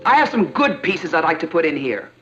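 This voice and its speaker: A woman's voice: sits low, very animated, a little fast, over music. An actress playing a fussy, condescending middle-aged woman looking over a house in a 1960s sitcom. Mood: snooty. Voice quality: affected, condescending. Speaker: prospective house tenant. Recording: dull 1960s sitcom audio with laugh track.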